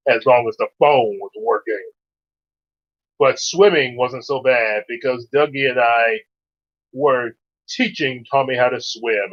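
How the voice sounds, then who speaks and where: A man reading a children's novel aloud in an unhurried, expressive way. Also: mid-range voice, lo-fi sound. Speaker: storybook reader and streamer.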